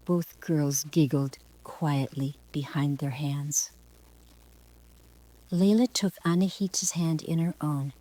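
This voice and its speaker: Older woman, storybook narration, low mellow voice, slow, soft and whispery, dry sound. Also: steady tone, dry recording, rough recording. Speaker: author narrating her own storybook.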